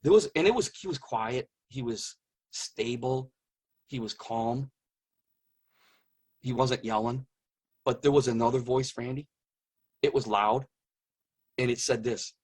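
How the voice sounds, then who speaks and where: A middle-aged man earnestly recounting a personal story in an interview, repeating phrases for emphasis and dropping to a hush at intense moments. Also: mid-range voice, a little slow, long pauses, slightly rough. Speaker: guest telling his near-death experience.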